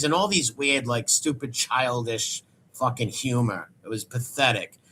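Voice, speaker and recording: A man's voice: medium pitch, measured pace, sharp tone, slight background noise. A man hosting a crude, sarcastic commentary show, mocking clips he plays. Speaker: host.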